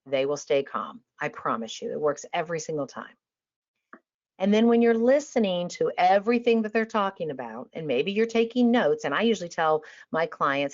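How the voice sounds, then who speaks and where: Energetic woman speaker, lo-fi audio. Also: normal speed. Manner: energetic and emphatic, drops to a calm low voice to demonstrate. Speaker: industry trainer on a webinar panel. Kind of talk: passionate talk to travel advisors. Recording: dull lo-fi online audio.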